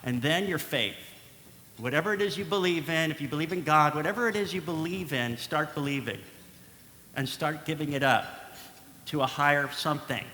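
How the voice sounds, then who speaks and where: A man voicing a calm, earnest male surgeon in his late forties, speaking in a quiet, measured, reassuring way. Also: fairly high pitch. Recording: echoey hall with faint noise.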